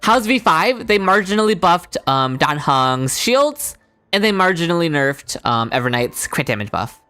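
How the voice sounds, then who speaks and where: A woman's voice: fairly low pitch, sing-song, normal speed, fairly bright tone. A woman streaming a game, chatting casually and answering her chat.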